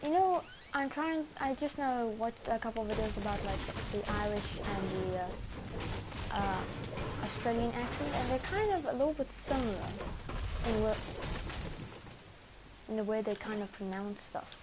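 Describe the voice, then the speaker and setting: A woman's voice: on the high side, moderate pace. A woman rambling through casual gameplay commentary, self-mocking and full of fillers and restarts. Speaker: gamer streaming a match. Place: home, indoors. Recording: clear background noise.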